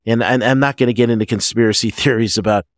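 A man who is a guest physician, answering interview questions in a halting way, often restarting his sentences. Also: mid-range voice, steady tone, no room sound, studio quality. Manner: halting, frequent restarts and fillers. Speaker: guest physician, medical director.

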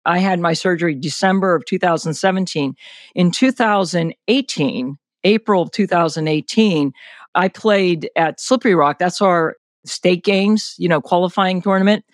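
A man's voice: high voice, no echo, studio quality. An older man, a senior athlete, telling his story in an interview in a candid, detailed way, with plenty of "you know" and "like". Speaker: guest, senior athlete recounting an injury. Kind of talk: conversational interview.

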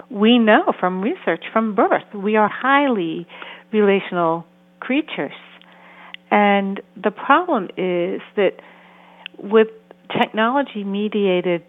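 A woman therapist and author giving earnest interview answers, sometimes acting out the voices she quotes. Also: medium pitch. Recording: tinny phone-like sound.

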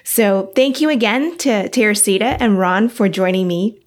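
A woman's voice: medium pitch, moderate pace. A woman hosting a podcast, thanking her guests and closing the episode. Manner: grateful, wrapping up. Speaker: podcast host.

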